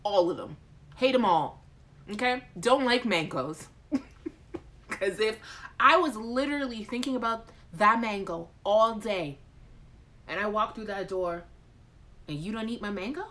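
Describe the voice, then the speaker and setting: A woman hosts a live chat show in a loose, casual way. Her pitch swings widely as she jokes with viewers. She reads their comments aloud and answers them with playful, over-the-top outrage. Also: unhurried, pauses often. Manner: animated, joking, exaggerated outrage; addresses chat viewers by name. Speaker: host.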